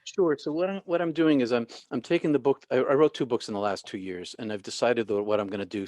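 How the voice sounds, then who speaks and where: A middle-aged man telling a long personal story in an interview, animated, with many restarts and acted-out quotes. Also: fairly low pitch, dry recording. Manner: animated, restarts often, acts out quoted people. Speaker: guest, author and former minister.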